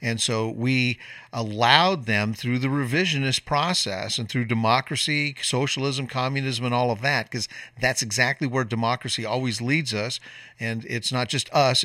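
A male call-in radio host delivers a long, emphatic monologue and wanders into side points. His tone is bright and pushing. The sound is dry and a touch distant from the microphone. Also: mid-range voice, vocal fry, no echo. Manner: lecturing, emphatic, drifts into tangents. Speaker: radio talk show host.

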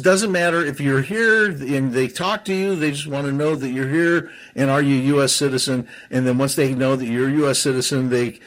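A man giving heated political commentary on a talk show, often stumbling and restarting his sentences as he gets worked up. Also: medium pitch. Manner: heated, stumbles and restarts, self-described seething.

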